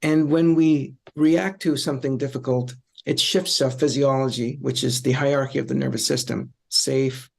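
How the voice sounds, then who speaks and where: A man's voice: medium pitch, steady tone, normal speed, gravelly, slightly rough. A middle-aged man, a psychologist on a discussion panel, explaining in a reflective, conversational way with frequent ums and repeated phrases.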